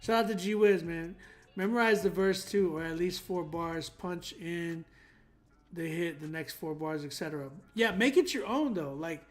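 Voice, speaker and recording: A young man hosting a song critique stream, talking in an animated, emphatic way with many fillers. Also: a little high, moderate pace, soft background music. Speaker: host giving song critiques. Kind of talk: livestream critique chat.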